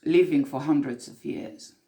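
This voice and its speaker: A woman's voice: sits low, measured pace, dark tone. A woman playing an earnest mystic who tells of time slips in an improvised monologue, intense and repeating herself for emphasis.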